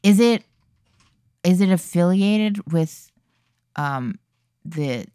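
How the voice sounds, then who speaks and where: A woman playing along with a comic scenario, answering in quick deadpan quips and swearing casually. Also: lowish voice, smooth, no room sound, clean studio sound. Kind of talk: casual comedic banter.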